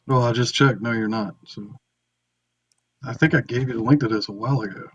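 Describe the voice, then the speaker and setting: A man's voice: mid-range voice, brisk, fairly bright tone, husky, no echo, highs cut off. A man in casual voice chat, explaining matter-of-factly.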